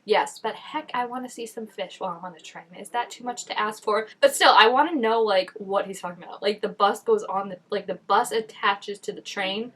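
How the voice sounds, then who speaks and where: A woman hosting a casual reaction video, chatty and animated, with lots of filler words and quick laughs. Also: medium pitch. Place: indoors at home, changing daylight.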